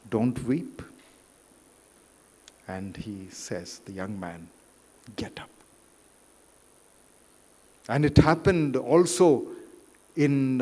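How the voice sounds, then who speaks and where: A man preaching a sermon in a church, rising loud for quotes and dropping quiet. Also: mid-range voice. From India. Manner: slow, deliberate, rises loud for quotes then drops quiet. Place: church hall. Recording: reverberant church hall.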